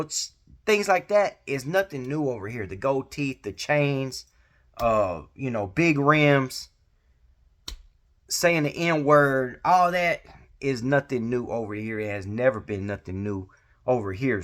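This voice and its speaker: A man's voice: mid-range voice, a bit bright. A man hosting a casual commentary vlog, talking in laid-back street slang with many fillers. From Georgia. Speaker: vlog host giving commentary.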